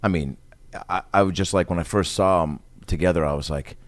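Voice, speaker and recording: A man co-hosting a casual comedy podcast, telling animated stories and slipping into quoted voices. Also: deep voice, fairly quick, no echo.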